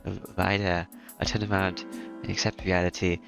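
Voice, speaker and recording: Deep gravelly man reading a story. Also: normal speed. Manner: plain, steady reading with frequent fillers and restarts. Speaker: reader of a visual novel. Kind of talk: reading a visual novel aloud. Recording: music playing behind.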